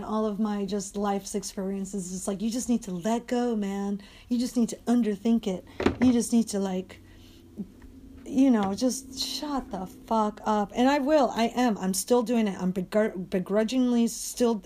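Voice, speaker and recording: A woman's voice: mid-range voice, warm tone. Profane, rambling young woman podcaster. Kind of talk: casual rambling monologue.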